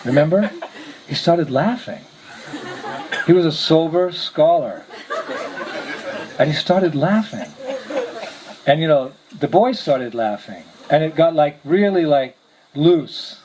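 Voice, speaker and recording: A man's voice: fairly high pitch, expressive, slow pace, pauses often, crowd noise. A man, a visiting monk, telling a story to a gathering, chuckling often as he speaks. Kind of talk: storytelling talk. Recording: noisy lecture recording.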